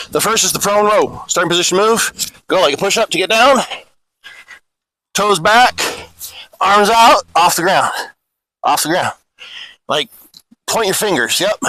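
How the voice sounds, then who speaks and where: A man's voice: high-pitched, bright, forceful tone, no echo, rough recording. A middle-aged man leading informal army fitness drills outdoors on a hillside, calling cadence counts, correcting form and joking as he coaches. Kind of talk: informal exercise instruction.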